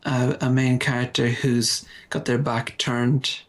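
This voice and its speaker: Man, slow deadpan sarcasm, podcast co-host. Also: mid-range voice. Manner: deadpan mock-earnest, theatrical sighs. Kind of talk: sarcastic comedic chat.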